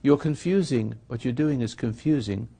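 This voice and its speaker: A man's voice: mid-range voice, normal speed, vocal fry, mellow, breathy edge. A man speaking as a spiritual teacher in a sermon dialogue, rambling and acting out quoted voices.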